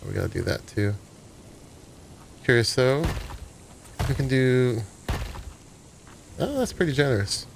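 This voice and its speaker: A man's voice: medium pitch, measured pace, gravelly, long pauses, slight background noise. A man hosting a gaming channel, casually talking through his gameplay and thinking aloud as he builds. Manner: relaxed, thinking aloud while playing.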